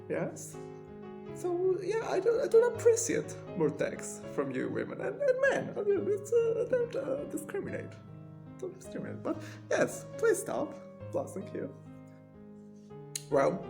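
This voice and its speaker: A pompous, long-winded stage actor with a British accent, played by a man. His gravelly voice leaps wildly in pitch as he rambles theatrically through a mock interview. Faint guitar music plays behind him. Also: heavily acted. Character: pompous washed-up male stage actor, middle-aged. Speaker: fictional actor being interviewed. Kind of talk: comedic mock interview monologue.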